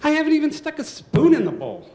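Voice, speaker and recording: A woman's voice: wildly swooping pitch, quick pace. A man voicing his mother as an angry woman scolding her greedy son. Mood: furious. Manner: loud, shrill, furious.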